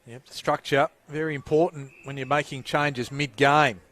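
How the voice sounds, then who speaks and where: A man's voice: a little high, fairly even intonation, a bit bright. An Australian man doing play-by-play football commentary through a headset, lifting his voice on the action calls. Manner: lifts and quickens on the action calls. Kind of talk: sports commentary.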